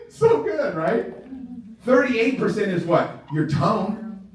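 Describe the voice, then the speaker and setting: A man giving a live sales training talk to a group, animated, laughing often and checking in with his listeners. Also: high voice, drawn-out words. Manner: animated, keeps checking in with the audience; laughs often while talking. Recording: very echoey room, far from the mic.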